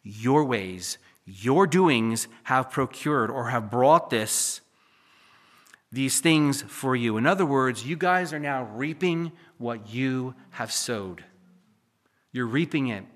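A male pastor preaching a sermon, building to emphatic peaks and then dropping to quiet, confiding asides. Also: medium pitch, lively intonation, slow pace. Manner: preachy, rises to near-shouting then drops to a hush.

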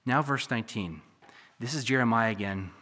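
A male pastor preaching a sermon, building to emphatic peaks and then dropping to quiet, confiding asides. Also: medium pitch, normal speed. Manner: preachy, rises to near-shouting then drops to a hush.

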